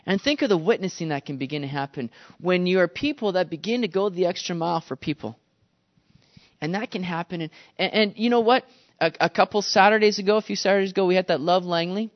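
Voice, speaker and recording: Animated man preaching, muffled recording. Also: sits high, fast talker. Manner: animated storytelling, acts out quotes. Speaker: pastor. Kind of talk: sermon.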